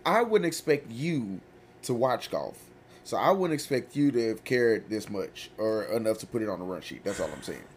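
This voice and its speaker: A man hosting a podcast, chatting casually in a loose, slangy way with drawn-out stories. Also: on the low side, animated, slight background noise. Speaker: podcast host.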